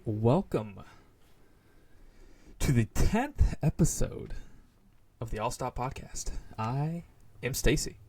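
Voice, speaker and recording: A man's voice: medium pitch, lively intonation, slow, pauses often, darkish tone, a little hiss or hum. A young man co-hosting a casual podcast, laid-back and chatty, trailing off with fillers and laughing often. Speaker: podcast co-host. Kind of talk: casual chat.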